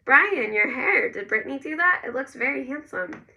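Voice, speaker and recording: A woman's voice: medium pitch, animated, brisk, bright, forceful tone, distant mic. A woman voicing a pleasant middle-aged mother who admires a boy's new haircut. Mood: pleased.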